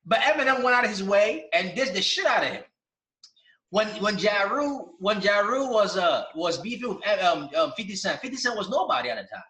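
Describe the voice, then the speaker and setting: Animated, swearing interview host. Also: male voice, high-pitched, a little fast, roomy sound, poor audio. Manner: animated, profane ranting. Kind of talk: casual interview talk.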